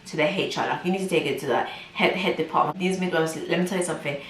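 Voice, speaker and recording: A woman's voice: sits low, fast, slight background noise. Woman, young adult, storytime vlog, emphatic repetitive delivery, echoey room. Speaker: vlogger. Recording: roomy, from a distance.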